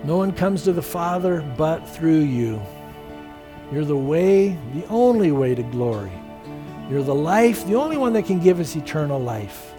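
An earnest male pastor preaching in a church, his voice sitting somewhat high for a man. He slips into brighter, higher tones when he quotes someone, and soft music plays faintly underneath. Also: big pitch swings, measured pace. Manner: earnest preaching, acts out quoted speakers with rising pitch. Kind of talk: sermon and closing prayer.

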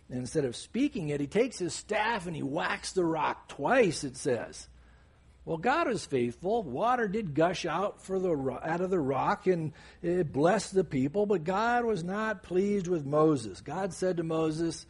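A man preaching a sermon, explaining scripture in an animated, conversational way with casual asides. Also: on the high side, unhurried, breathy edge.

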